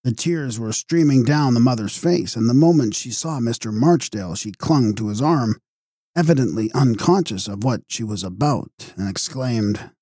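Husky-voiced man narrating gothic fiction. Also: mid-range voice, no room sound, studio quality. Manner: steady, measured storytelling. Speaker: audiobook narrator.

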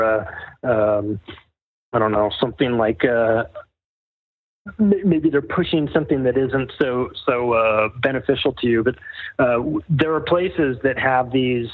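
Male guest author, wry and sardonic, middle pitch, heard over a dry, tinny phone line. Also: dry recording. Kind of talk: casual interview storytelling.

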